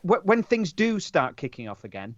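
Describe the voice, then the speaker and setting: A man's voice: fairly high pitch, big pitch swings, moderate pace, dry recording. A man hosting a chat show, talking heartfelt and emotional. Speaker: podcast host. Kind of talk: casual chat. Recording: dry, dull lo-fi recording.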